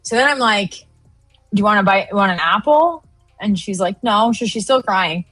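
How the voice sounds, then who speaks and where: A woman in her thirties chats casually as co-host of a live stream, spinning a story and slipping into animated quoted voices. Her voice sits mid-range and sounds dry and close. Soft music plays faintly behind her. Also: medium pitch, normal speed, slightly rough, no echo. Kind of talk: casual chat.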